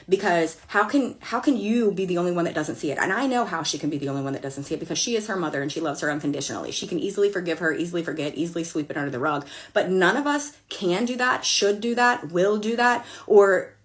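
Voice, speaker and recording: A woman's voice: lowish voice, fast, hardly any pauses. A woman in her thirties telling a long storytime with blunt, sassy, profane asides and exasperated outbursts. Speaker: storyteller vlogger. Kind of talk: casual storytime rant.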